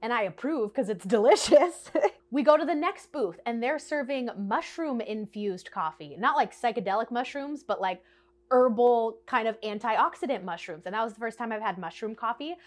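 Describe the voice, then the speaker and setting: A woman chatting to camera in a bubbly, animated way, telling a storytime to her viewers and laughing often. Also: fairly high pitch, moderate pace. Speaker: vlogger. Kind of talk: casual storytime chat to camera.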